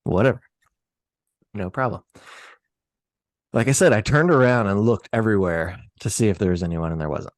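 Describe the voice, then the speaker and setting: Low-voiced man swearing through a story. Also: normal speed, long pauses, no echo, studio quality. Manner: profane, animated retelling. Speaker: parent telling a story on a podcast. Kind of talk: casual podcast storytelling.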